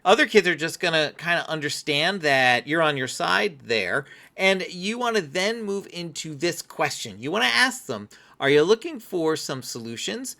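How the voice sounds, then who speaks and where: A man's voice: on the high side, bright, forceful tone. A man giving an earnest, explanatory parenting lesson straight to camera. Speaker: parenting coach. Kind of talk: instructional talk to camera.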